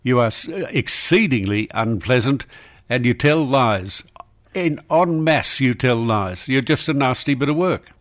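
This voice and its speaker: Older aussie talkback host, blunt, scolding, arguing w a caller. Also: male voice, medium pitch, expressive, measured pace. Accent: Australian. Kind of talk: talkback radio argument.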